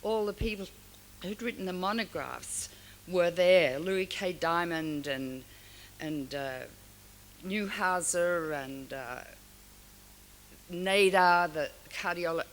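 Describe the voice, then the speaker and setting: A woman's voice: on the low side, slow pace. An older woman from Australia giving a frank, storytelling award speech to an audience. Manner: frank, storytelling, animated asides. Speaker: award speaker. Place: large hall. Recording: long hall reverb, faint hiss.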